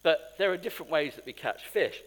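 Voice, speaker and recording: A man's voice: on the high side, animated, fairly quick. A man preaching a sermon in a conversational, storytelling way, with asides to the congregation. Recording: long hall reverb.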